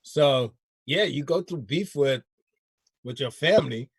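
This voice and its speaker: A man's voice: medium pitch, animated, a little slow, husky, no echo. A man hosting a casual chat show, laid-back and slangy, laughing often. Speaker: show host.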